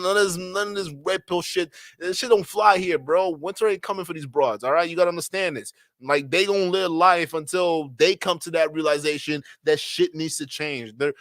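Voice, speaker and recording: A man's voice: a little high, fairly bright tone, no room sound, clean studio sound. A man streaming reaction commentary, profane and slangy, laughing often. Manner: profane, slangy, keeps saying bro, breaks into laughter.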